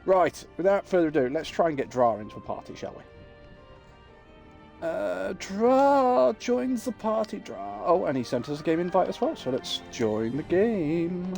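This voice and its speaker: A man's voice: high-pitched, big pitch swings, unhurried, gravelly, darkish tone, soft background music. A man, chatting casually and joking with viewers while streaming a game. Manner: chatty, jokey, talks to his viewers. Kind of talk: casual live-stream chat.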